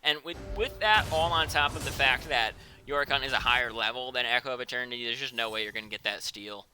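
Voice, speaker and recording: A man giving rapid play-by-play commentary on a live esports match, his voice climbing to shouts on big plays. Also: mid-range voice, music in the background.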